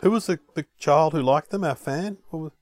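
A man's voice: on the high side, brisk, music in the background. A man, co-hosting a podcast and chatting casually while tasting food. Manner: chatty, animated, puts on voices in anecdotes. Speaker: podcast co-host.

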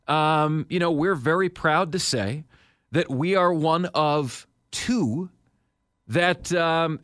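A man's voice: a little high, a bit bright, smooth, no room sound. A male sports talk radio host with a somewhat raised voice, delivering a confident, emphatic monologue into a studio mic. The sound is dry and close, with no room around it.

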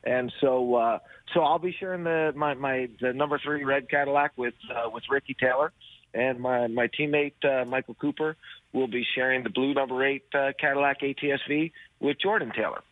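A race driver calling in to a radio show, talking with lots of energy and stumbling through many fillers and restarts. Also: male voice, mid-range voice, steady tone, moderate pace, no echo. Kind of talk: phone interview. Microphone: phone. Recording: narrow phone line.

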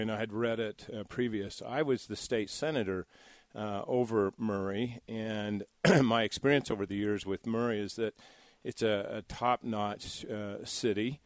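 Measured man co-host, halting speech. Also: lowish voice, no room sound. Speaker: co-host, former state senator. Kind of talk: talk show interview.

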